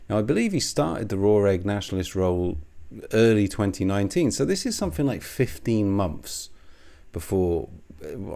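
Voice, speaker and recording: A man's voice: fairly low pitch, a little mellow. A man rambling sarcastically in a monologue, swearing freely and chuckling between jabs. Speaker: commentary video host.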